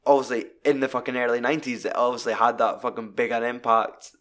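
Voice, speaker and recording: An animated man talks through a film in loose, casual chat and swears constantly. His voice sits at an ordinary mid pitch, and he tumbles through the plot with restarts and asides. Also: fast. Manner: sweary, rambling, animated retelling.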